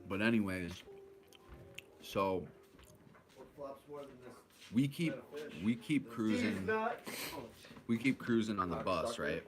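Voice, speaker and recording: A man's voice: on the low side, slow, long pauses, a crowd in the background. A man telling a rambling, profane story about his addiction, acting out the other people's voices. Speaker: vlogger recounting his addiction. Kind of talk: casual storytelling.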